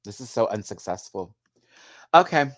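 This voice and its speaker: A man giving a sassy, animated live video review of a drag competition show, laughing often as he talks. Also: lowish voice, moderate pace, no room sound, studio quality.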